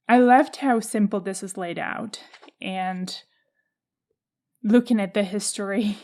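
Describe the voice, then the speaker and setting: A woman with a Czech accent hosting a solo podcast, talking through her thoughts in a measured, reflective way. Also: medium pitch, a little mellow. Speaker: podcast host.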